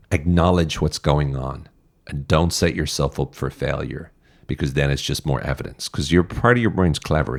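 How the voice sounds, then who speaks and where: A man's voice: very deep voice, gravelly. An Irish man talking as a podcast guest, blunt and direct, swearing freely as he gives advice. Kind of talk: casual interview talk.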